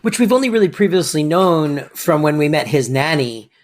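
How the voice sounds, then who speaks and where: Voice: mid-range voice, animated, moderate pace. Dry-witted podcast co-host. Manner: dry, sardonic asides. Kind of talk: casual chat.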